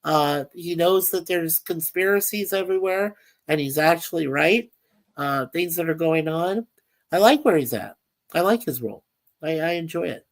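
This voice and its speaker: A woman's voice: on the low side, lively intonation, normal speed. A woman hosting a casual livestream chat, rambling and reading viewer comments aloud. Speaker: livestream host.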